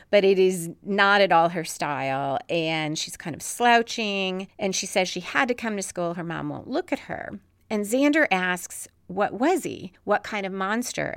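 A woman's voice: on the low side, clear, resonant tone, no room sound. A woman hosting a casual recap of a TV episode, retelling scenes in a conversational way. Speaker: podcast host recapping a TV episode.

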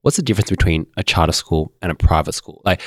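A man's voice: low-pitched, quick pace, slightly rough, no echo, studio quality. A man on a podcast asking a question in a tentative, casual way, searching for his words.

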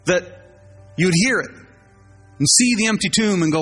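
Animated man preaching a sermon. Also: sits high, measured pace, pauses often, husky, faint music behind. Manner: animated, conversational, acts out voices of biblical figures. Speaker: pastor.

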